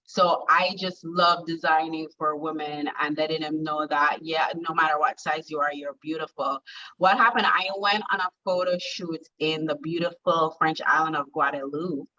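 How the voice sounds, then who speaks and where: A woman from Jamaica, a confidence coach and plus-size model, telling stories in a chatty, animated way during an interview. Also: deep voice, moderate pace. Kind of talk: casual interview chat. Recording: distant, muffled video call audio.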